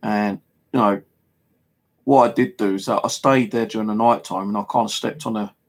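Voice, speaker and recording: Low gravelly English bloke, casual storytelling vlogger, loose and rambling, lots of fillers and swearing. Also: male voice, steady tone, moderate pace. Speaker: paranormal vlogger. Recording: home video monologue.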